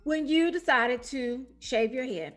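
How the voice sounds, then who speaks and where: A woman's voice: high-pitched, measured pace. Chatty woman podcast host, music under. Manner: chatty, playful. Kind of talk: casual podcast intro.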